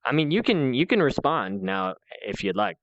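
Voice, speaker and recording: A man's voice: mid-range voice, big pitch swings, normal speed, a bit bright, no room sound. Guy lecturing someone over and over, swears, kinda dull dry audio. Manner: lecturing, repetitive, escalating, swears. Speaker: channel host. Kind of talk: heated one-on-one conversation.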